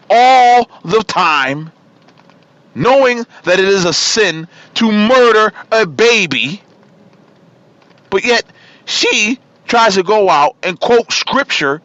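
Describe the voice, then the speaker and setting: A man with a high, sharp voice hosts a political talk show, ranting with fire, repeating himself for emphasis and calling out his targets by name. It's a talk radio monologue on a dry, lo-fi recording.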